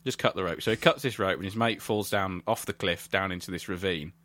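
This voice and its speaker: A man's voice: deep voice, steady tone, fairly quick, a bit bright, dry recording. A man hosting a podcast, rambling through stories with lots of giggles. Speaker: podcast host. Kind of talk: casual chat.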